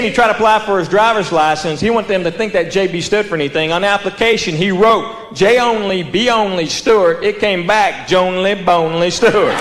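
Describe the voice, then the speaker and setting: A man with a Southern American accent doing a stand-up comedy routine, telling drawling stories and laughing at his own punchlines. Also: high-pitched. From United States. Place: theater stage before a live audience. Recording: roomy theater with audience laughter and background noise.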